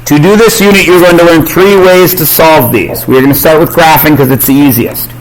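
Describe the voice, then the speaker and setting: A man's voice: fairly high pitch, brisk, slight background noise, low-quality recording. Joking male math teacher quizzing class. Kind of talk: classroom lesson.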